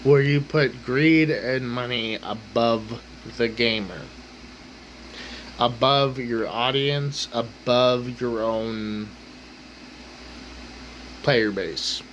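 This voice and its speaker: A man's voice: mid-range voice, drawn-out words, long pauses, fairly bright tone, slight background noise, poor audio. A man ranting angrily at his table at home, exasperated, swearing and repeating himself. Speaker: ranting vlogger. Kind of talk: angry rant to camera. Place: home kitchen table, indoors.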